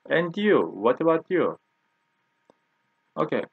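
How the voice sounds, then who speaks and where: A man's voice: fairly high pitch, big pitch swings, vocal fry, husky, dry recording. Man, 20s, patient teacher, repeats drill words, dry, tinny lo-fi sound. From Turkey. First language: Turkish. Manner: repeats each word slowly for drilling. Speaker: language teacher. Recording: dry, tinny phone-like recording.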